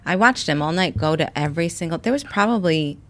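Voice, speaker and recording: A woman from Long Island co-hosts a podcast, talking in an enthusiastic, gossipy way. Her voice sits a little low, and her delivery is easygoing and conversational. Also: lively intonation, fast talker. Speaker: podcast co-host. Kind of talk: casual chat.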